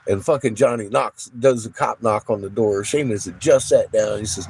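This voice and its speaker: A man's voice: on the low side, normal speed, gravelly, few pauses, slight background noise, poor audio. A man vlogger casually telling a story, swearing freely and laughing often as he acts out what others said. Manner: profane, laughs often, animated retelling.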